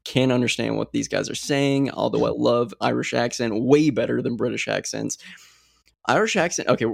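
Brief: young male podcast co-host, gravelly, rambling, fillers galore. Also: mid-range voice, steady tone, fairly quick, a little mellow, no room sound, studio quality. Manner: rambling, many fillers and restarts. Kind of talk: casual chat.

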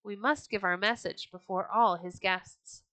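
A woman's voice: medium pitch, steady tone, measured pace, pushed and bright, dry recording. Woman reading as a grave old Viking counselor. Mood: solemn. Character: grave older Viking counselor, cautious and steady.

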